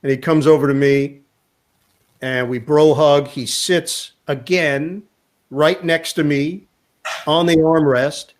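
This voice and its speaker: Lively storytelling man, slightly high voice. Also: takes it slowly. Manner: lively storyteller acting out quotes. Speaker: sportscaster guest. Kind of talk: storytelling anecdote in a chat.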